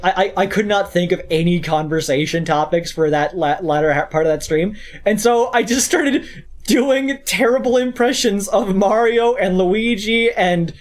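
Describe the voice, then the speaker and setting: A VTuber streamer chatting casually during a game stream, rambling and poking fun at themselves. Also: medium pitch. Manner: rambling, joking, self-mocking.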